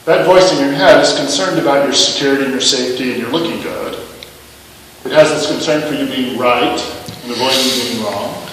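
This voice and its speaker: Male minister, sermon, self-mocking, rhetorical questions, booming echo, distant mic. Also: a little fast, fairly bright tone, slight background noise. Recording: echoey hall, mic at a distance.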